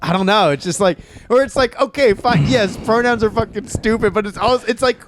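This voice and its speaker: A man co-hosting a comedy podcast, sarcastic and animated, swearing and doing mocking impressions. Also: high-pitched, a little fast, background noise. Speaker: podcast co-host. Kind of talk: casual comedic chat.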